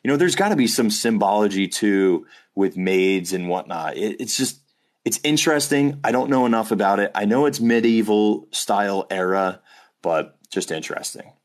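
A man's voice: lowish voice, animated, normal speed. A man co-hosting a podcast, chatting casually over a video call in a playful, rambling way and laughing often. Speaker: podcast co-host. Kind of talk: casual chat.

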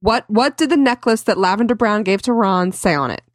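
A woman's voice: medium pitch, lively intonation, a little fast, no echo, studio quality. A woman co-hosting a podcast and running a trivia game, giggly and teasing in casual chat.

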